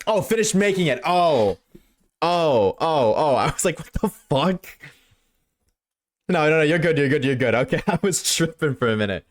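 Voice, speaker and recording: A young man streaming live, reading chat and reacting in a casual, slangy, excitable way, swearing freely. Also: on the high side.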